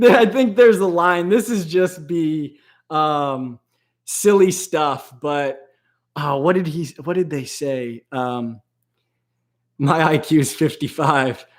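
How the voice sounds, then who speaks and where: Host: man, casual live-stream talker, rambling, laughs often, slightly high voice. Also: slow.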